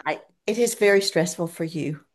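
A woman's voice: lowish voice, moderate pace. An older woman in casual conversation, reassuring and supportive as she talks about her own habits. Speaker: friend in conversation, gives readings. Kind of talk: casual chat.

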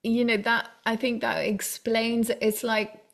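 A woman in casual conversation, a single mother telling lively stories about her dance class and money worries, with laughter and exclamations. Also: fairly high pitch, a little slow, vocal fry. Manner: animated storytelling with laughs and exclamations. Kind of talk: casual chat.

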